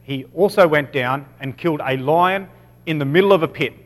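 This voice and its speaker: A man's voice: on the high side, moderate pace. A man with an Australian accent giving a casual Bible teaching, peppering it with "okay" and correcting himself as he goes. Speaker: preacher. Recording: long reverb of a hall.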